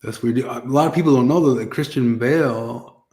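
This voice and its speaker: Easygoing man with a middle-pitched voice. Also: moderate pace, darkish tone. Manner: easygoing, laughs often, trails off. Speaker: podcast co-host. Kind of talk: casual chat.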